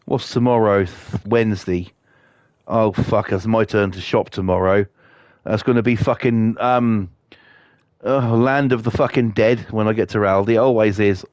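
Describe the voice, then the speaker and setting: A man's voice: fairly low pitch, steady tone, normal speed, darkish tone, no echo, clean studio sound. A man with a Norfolk accent, chatting casually and swearing freely as he streams a game and tells rambling stories. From Norfolk, England. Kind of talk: casual chat while playing.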